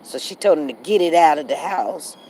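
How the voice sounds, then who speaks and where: A woman's voice: expressive, a little fast, a little hiss or hum, poor audio. Chatty woman livestreaming outdoors. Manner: chatty, talks straight to her viewers and greets them by name; drops to a low, quiet tone when getting serious. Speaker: livestream host. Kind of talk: casual rambling live chat. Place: outdoors, walking.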